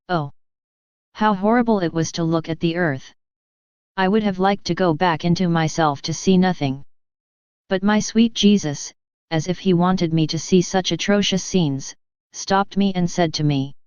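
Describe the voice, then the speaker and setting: A woman giving a measured, solemn reading of devotional writings. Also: fairly low pitch, a little mellow, clean tone, no room sound. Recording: dull, slightly lo-fi dry recording.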